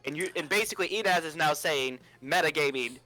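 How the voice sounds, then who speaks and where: A man's voice: on the high side, quick pace, pushed and bright, no echo, faint music behind, rough recording. A man playing a tabletop game, joking around and explaining the rules to others. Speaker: player. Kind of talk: casual game chat.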